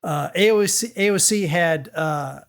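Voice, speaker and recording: A man's voice: a little high, a little slow, creaky, clean tone. A man co-hosting a gaming podcast, chatting earnestly and chiming in with short words. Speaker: podcast co-host. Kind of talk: casual chat.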